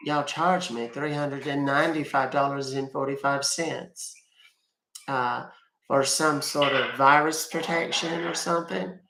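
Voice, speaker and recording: Man putting on a slow-talking little old lady. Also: mid-range voice, echoey room, noisy background.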